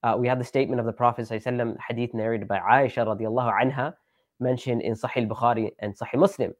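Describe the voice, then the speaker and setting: A man's voice: mid-range voice, fairly even intonation, very fast, no echo, studio quality. A man, a preacher, talking casually on a live stream, rambling with many fillers and restarts. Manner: repeats phrases with shifting emphasis.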